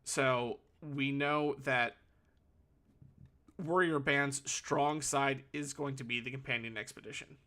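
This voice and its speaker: A man's voice: medium pitch, steady tone, slow, sharp tone. A man calling a card game tournament solo, analytical and thinking aloud, correcting himself as he goes. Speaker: tournament caster.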